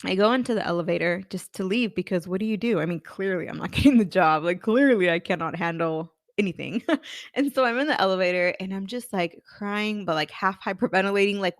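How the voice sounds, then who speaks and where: A woman's voice: mid-range voice, a little fast, dry recording, studio quality. A woman in her thirties, a career coach and podcast host, telling her own story candidly and acting out her past thoughts. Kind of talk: personal storytelling.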